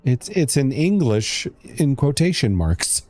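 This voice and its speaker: A man's voice: mid-range voice, big pitch swings, slow pace, a little mellow, dry recording. A young man streaming a game, chatting casually, reading chat aloud and muttering as he plays. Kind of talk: casual gameplay commentary.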